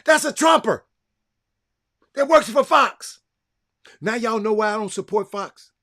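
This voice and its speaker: A man's voice: sits high, expressive, a little slow, bright, forceful tone. A man giving fired-up political commentary, preaching straight to his listeners.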